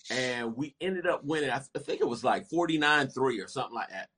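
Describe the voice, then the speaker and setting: A man in his fifties, a guest telling stories in lively casual chat. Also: mid-range voice, fast talker, slight background noise. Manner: animated, lively storytelling with laughter.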